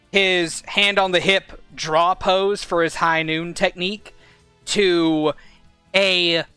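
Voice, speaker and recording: A game master narrates scenes in a loose, rambling way, full of fillers. His voice sits a bit high, bright and crisp, recorded dry and close, with faint music behind him. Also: dry recording.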